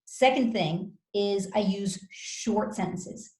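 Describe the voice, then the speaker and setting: Roomy-sounding woman coaching with measured pauses. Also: mid-range voice, a little mellow. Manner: measured, explanatory, with deliberate pauses. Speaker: communication skills guest expert. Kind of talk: coaching advice in conversation. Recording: roomy echo.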